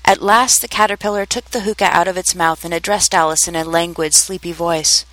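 A woman narrating a storybook chapter aloud in a measured, clear manner. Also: fairly low pitch, steady tone, a bit bright, no echo, low-quality recording. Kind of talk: storybook reading.

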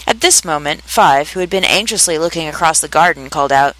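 A reader giving a measured, expressive narration of a children's story. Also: mid-range voice, low-quality recording.

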